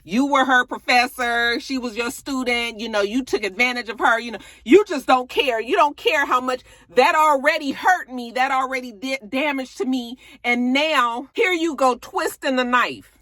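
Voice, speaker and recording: A woman voicing an angry, sharp-tongued grown woman in a retold TV scene, scolding loudly. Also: fairly quick, few pauses, no echo. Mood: indignant. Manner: loud, shrill, scolding. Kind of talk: retelling a TV scene in character.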